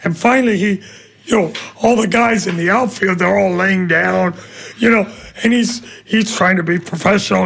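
A man from Tampa telling an animated story as a radio host in a studio. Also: sits high, moderate pace, gravelly. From Tampa, Florida. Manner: animated storyteller acting out the voices.

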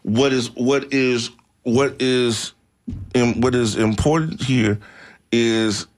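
Animated male talk-radio host. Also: medium pitch, slow. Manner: animated storytelling, laughs easily.

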